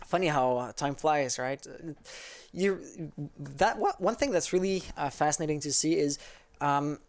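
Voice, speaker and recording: A man's voice: on the high side, a little slow. A man from Quebec whose first language is French, speaking English with a Quebec French accent. He chats casually with his stream viewers in an easygoing, rambling way as an esports caster. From Quebec, Canada. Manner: rambling and easygoing, answers chat as he reads it. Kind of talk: casual livestream chat with viewers.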